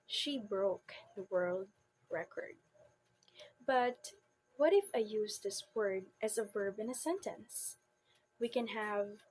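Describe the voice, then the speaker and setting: Slow, higher-pitched young woman presenting. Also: darkish tone, a little hiss or hum. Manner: slow, deliberate explanation with emphatic example words. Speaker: student presenter. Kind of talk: classroom report presentation.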